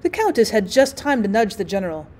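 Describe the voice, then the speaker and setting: A woman teacher reading a classic short story aloud as an audiobook, voicing the dialogue expressively, with an occasional slip and restart. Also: fast talker. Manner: expressive, voices the dialogue with small pitch shifts.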